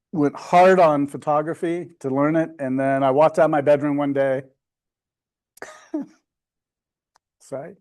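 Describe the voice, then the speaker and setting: A middle-aged man with a fairly high voice gives a casual talk to a club audience. His humor is sarcastic and he is quick to play himself down. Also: darkish tone. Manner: sarcastic, self-deprecating. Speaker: presenting photographer.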